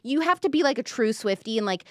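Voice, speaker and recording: Young woman, chatty commentator, lively and expressive, slightly high pitch, dry room. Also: fast talker, no echo. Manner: animated, acts out quoted lines with big pitch jumps. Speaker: commentator reviewing an album. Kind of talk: casual reaction commentary.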